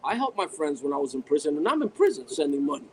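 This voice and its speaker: A man talking casually as a guest, his slightly high voice tripping over repeated words. A faint hum of noise sits behind him. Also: big pitch swings, quick pace, rough recording. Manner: rambling, stammering, repeats words. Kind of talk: casual chat.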